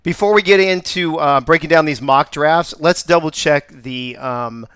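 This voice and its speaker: Male host, smooth voice, dry close sound, upbeat and joking. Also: on the high side, a little slow, fairly bright tone, dry recording. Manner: upbeat, joking, laughs often. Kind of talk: live show hosting.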